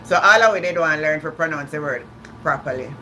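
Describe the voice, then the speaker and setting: A woman chats loosely with viewers on a livestream, restarting her sentences and laughing along the way. Her voice is bright and ringing, with a faint hiss behind it. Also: low-pitched, fast talker. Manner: chatty, repeats and restarts words, laughs often. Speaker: livestream host. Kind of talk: casual live-stream chat.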